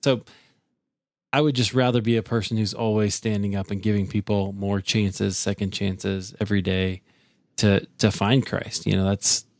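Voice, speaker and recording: A man's voice: fairly low pitch, flat delivery, normal speed, dry recording, studio quality. Hesitant man hosting a faith podcast. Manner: hesitant, frequent restarts. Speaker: podcast host. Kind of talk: casual faith-based conversation.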